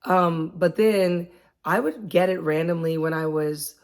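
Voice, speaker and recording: A woman in her late thirties talking casually about her own experiences, chatty and quick to laugh. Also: fairly low pitch. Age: 30s. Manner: chatty, laughs often, acts out quotes. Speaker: vlogger. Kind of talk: casual chat.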